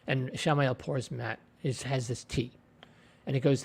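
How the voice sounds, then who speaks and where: Man, casual episode review, rambling retelling, gravelly edge, husky tone. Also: medium pitch, fairly even intonation, measured pace, darkish tone. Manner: rambling, retells scenes with many fillers. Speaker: TV show reviewer. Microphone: own desk microphone.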